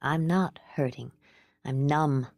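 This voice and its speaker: A woman voicing a calm, gentle young mother who is numb inside, talking in a quiet, steady, measured way. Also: low-pitched, creaky, dry recording, clean studio sound, heavily acted.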